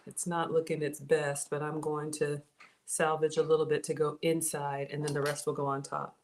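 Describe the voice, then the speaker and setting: Deep-voiced and flat in delivery, the cook speaks at normal speed as she chats casually with her livestream audience, greeting people by name. She is in her kitchen, recorded on a phone and tablet with noisy sound.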